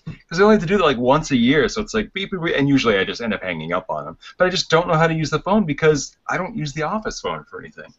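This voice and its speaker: A man's voice: mid-range voice, expressive, fast talker, fairly bright tone. A man chatting casually on a podcast, telling wry stories about office life. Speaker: podcast guest, game designer. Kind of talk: casual chat. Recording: muffled lo-fi podcast audio.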